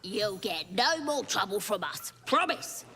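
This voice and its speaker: A woman's voice: mid-range voice, big pitch swings, a little slow, pushed and bright, faint music behind. A woman voicing a small, cowering goblin in a video game, pleading in a groveling way.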